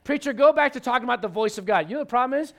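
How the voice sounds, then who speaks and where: Man, high voice, preaching in a church, emphatic, talks straight to the pews. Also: lively intonation, rapid-fire, gravelly, a bit bright. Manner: conversational, emphatic, asks the congregation questions. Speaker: pastor. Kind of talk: sermon. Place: church sanctuary.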